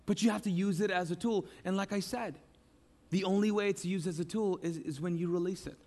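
A man preaching a sermon with passion, repeating phrases and swinging between loud outbursts and hushed, quiet lines. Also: high-pitched, fairly even intonation, brisk. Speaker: pastor.

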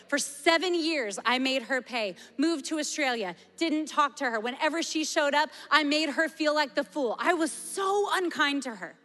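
Woman preacher in her 40s, passionate and fairly high-voiced, long hall reverb with faint music underneath. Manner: passionate, shifting to hushed prayer. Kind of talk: sermon testimony and prayer. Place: large church hall. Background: soft music.

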